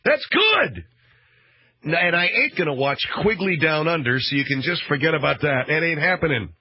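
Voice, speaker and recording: A radio talk show host with a fairly high, fairly quick voice rambles through a sarcastic, mock-outraged monologue. The broadcast sounds dull and dry.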